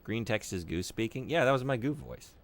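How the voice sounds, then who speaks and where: Gravelly young man chatting on stream. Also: mid-range voice, animated, fairly quick, slight background noise. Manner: joking, teasing, chatting with viewers. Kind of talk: casual live-stream chat.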